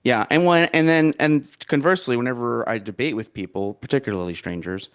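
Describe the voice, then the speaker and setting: A man's voice: mid-range voice, brisk. A man co-hosting a casual political podcast, rambling and hesitant, with many fillers and restarts. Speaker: podcast co-host.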